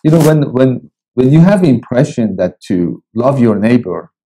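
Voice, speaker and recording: A male pastor reading and preaching a devotional in a slow, deliberate way with long pauses. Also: mid-range voice, big pitch swings, warm tone, breathy edge, poor audio. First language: Persian.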